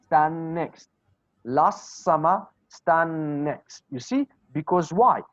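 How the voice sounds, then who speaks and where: A man's voice: on the high side, expressive, takes it slowly, dry recording. A man whose first language is Kurdish, teaching English in an online class, drilling words aloud and asking and answering his own questions. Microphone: video call. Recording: dull lo-fi call audio, dry.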